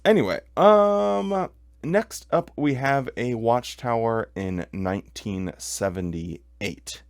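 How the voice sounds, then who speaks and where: A man's voice: lowish voice, darkish tone, no echo, clean studio sound. A man hosting a commentary show, reading quoted passages aloud and then arguing against them with heated emphasis. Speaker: podcast host. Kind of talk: commentary on religious texts.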